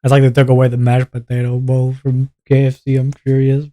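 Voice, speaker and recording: A man's voice: medium pitch, monotone, brisk, hardly any pauses, mellow. A young man from Canada, a streamer ranting casually and with exasperation, swearing and laughing as he talks. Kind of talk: casual livestream rant.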